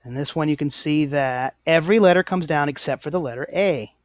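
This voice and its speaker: A man whose voice runs on the high side talks a little fast in a dry recording while teaching a lesson. His explanation is meant to be slow and deliberate, and he is patient, apologetic and quick to correct himself often.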